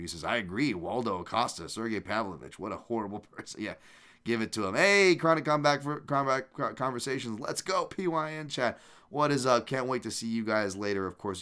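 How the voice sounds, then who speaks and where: Low-voiced casual podcast host. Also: male voice. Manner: relaxed, rambling, many fillers and restarts. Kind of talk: casual livestream chat reading comments.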